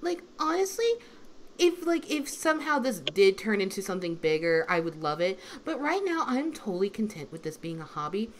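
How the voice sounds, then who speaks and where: Lively young woman in a casual chat. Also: mid-range voice, moderate pace. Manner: animated storytelling, lots of fillers, swings in loudness. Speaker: substitute teacher and voice actor. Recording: faint background noise.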